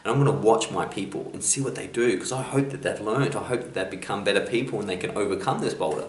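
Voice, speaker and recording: A man's voice: lowish voice, quick pace, echoey room, far from the mic, lightly acted. A man voicing a kindly ancient king giving orders to his courtiers, in a story he tells on a vlog. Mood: earnest. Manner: earnest, hopeful.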